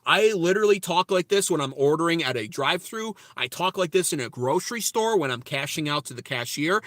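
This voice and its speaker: A man's voice: fairly high pitch, animated, brisk, few pauses, a bit bright, no room sound, studio quality. An American man hosting a political livestream from his car, ranting brashly and profanely while reading viewer chat. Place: inside a car.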